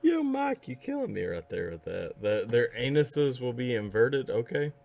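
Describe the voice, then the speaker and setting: A man hosting a reaction video, giving excitable, casual commentary and often laughing. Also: medium pitch, moderate pace, creaky.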